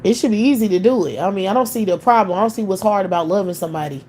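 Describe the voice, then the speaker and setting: Brief woman, livestream host, blunt and profane, scolds her viewers with rhetorical questions, mid-pitched voice. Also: rapid-fire, mellow, slight background noise. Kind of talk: ranting live commentary.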